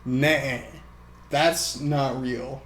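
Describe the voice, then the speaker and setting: A man's voice: mid-range voice, steady tone, very slow, a bit bright. A young man co-hosting a podcast, reacting bluntly and with disbelief, swearing often. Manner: blunt, incredulous, swears a lot. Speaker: podcast co-host. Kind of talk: casual chat. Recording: roomy echo.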